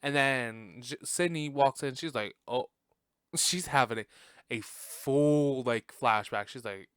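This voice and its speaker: A man hosts a casual podcast, reacting to a movie in a sassy, profane way and laughing often. His voice is smooth and resonant, recorded dry and close with no room sound. His pitch sits in the middle for a man. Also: takes it slowly, a bit bright, dry recording. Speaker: podcast host.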